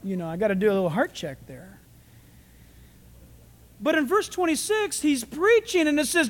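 A man preaching a sermon, animated, acting out voices and shouting for emphasis. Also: extremely high pitch, moderate pace, pauses often. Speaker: pastor. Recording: reverberant hall.

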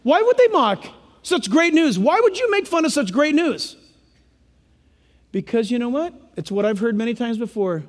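A man preaching a sermon in an animated way, acting out quoted voices for humor. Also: very high-pitched, moderate pace, in a large hall.

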